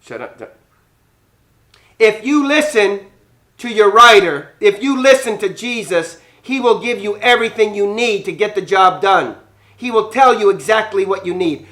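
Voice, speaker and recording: A man acting as a priest teaches a children's Bible lesson in an animated way, acting out scenes and quizzing the kids while slipping Spanish words into his English. His voice sits high and he takes his time.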